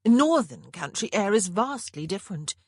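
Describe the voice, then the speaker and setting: A woman's voice: medium pitch, sing-song, moderate pace, breathy edge, no echo, clean studio sound, pitched above the performer's own voice. A woman voicing Honor, a stern, bossy young woman who gives emphatic commands to her sister.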